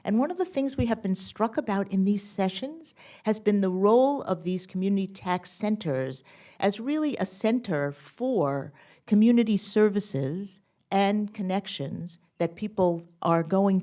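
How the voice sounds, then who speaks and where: A woman's voice: medium pitch, expressive, a little slow, dark tone. A woman hosting a policy briefing, giving earnest, upbeat welcome remarks and introducing the keynote speaker to a seated audience.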